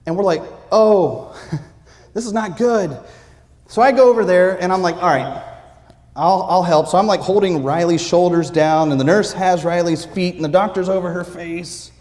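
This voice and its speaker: A man preaching, telling a lively personal story with acted-out quotes in a church. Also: high voice, fairly quick. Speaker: pastor. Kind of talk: sermon storytelling. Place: church sanctuary. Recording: long reverb of a church sanctuary.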